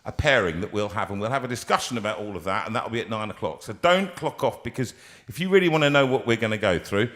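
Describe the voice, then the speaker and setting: A fairly low-pitched man in his sixties chats loosely and jokily as the host of a live show. He wanders off mid-sentence, fills gaps with ums and restarts himself. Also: expressive, fast, few pauses, a bit bright. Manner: rambling, jokey, full of ums and restarts. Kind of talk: casual live show chat. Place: home studio.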